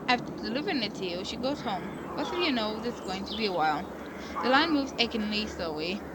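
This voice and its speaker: Here a streamer narrates a visual novel in a lively, medium-pitched voice, talking fast over a very noisy background. Her casual commentary rambles earnestly, and she corrects herself often as she goes.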